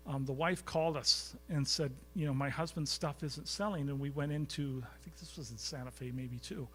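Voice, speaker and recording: A man's voice: mid-range voice, steady tone, a little fast, breathy edge. A man giving a storytelling lecture to a live audience in a college recital hall, chatty and anecdotal, often quizzing the crowd. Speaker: guest speaker.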